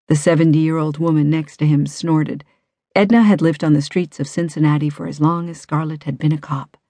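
A woman reading a suspense novel aloud in measured, even narration. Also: low voice, gravelly, dry recording. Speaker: audiobook narrator. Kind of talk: scripted audiobook narration.

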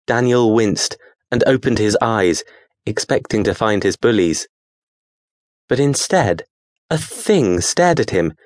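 A man narrating an audiobook in a measured, steady storytelling manner. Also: fairly low pitch, no echo, studio quality.

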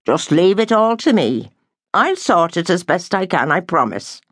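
A woman voicing a commanding older Irish grandmother, brisk and scolding, in an audiobook. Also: fairly low pitch, very animated, dry recording, clean studio sound. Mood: reassuring. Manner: brisk, scolding, full of authority.

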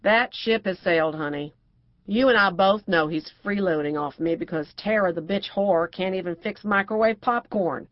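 A woman's voice: mid-range voice, moderate pace, no echo, lo-fi sound, lightly acted. A woman narrator voicing a brassy, outspoken middle-aged divorcée who talks bluntly and crudely.

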